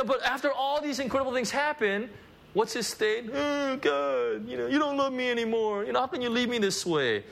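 A man preaching a conversational sermon at a church service, animated and full of asides. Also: high voice. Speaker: pastor.

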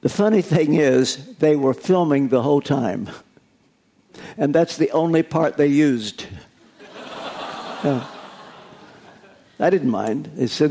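A man's voice: fairly high pitch, creaky, a little mellow. An older American man, a pastor, giving an earnest, confessional sermon.

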